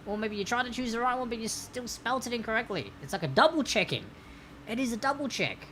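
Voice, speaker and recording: A woman's voice: a little high, sing-song, fast, a bit bright, slight background noise. A woman hosting a live-streamed trivia quiz, chatty and playful, laughing often and reading questions to players.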